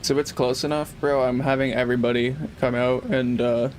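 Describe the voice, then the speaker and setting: A man's voice: mid-range voice, flat delivery, fairly quick, a little hiss or hum. A young man chatting casually while streaming a game, rambling and laid-back, swearing freely. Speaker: live streamer. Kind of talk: casual gaming livestream chat.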